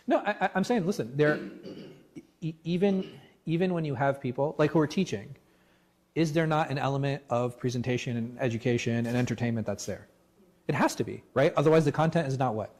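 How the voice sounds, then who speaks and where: Man, imam, religious class talk, animated, rhetorical questions, mid pitch. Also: brisk. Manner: animated, asks rhetorical questions, restarts words. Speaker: imam leading a class discussion. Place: mosque class room.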